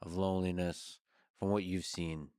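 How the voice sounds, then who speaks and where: A man with a low voice hosts a conversational interview. He asks curious questions and drops playful jokes between them. The sound is dry and close to the mic. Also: little pitch movement, moderate pace, mellow, clean tone, dry recording. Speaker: interview host.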